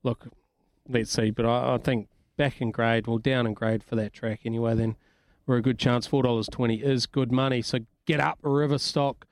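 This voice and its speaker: A man co-hosting a sports radio show, jokey and quick to laugh. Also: mid-range voice, flat delivery, dry recording, studio quality. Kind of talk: casual radio banter.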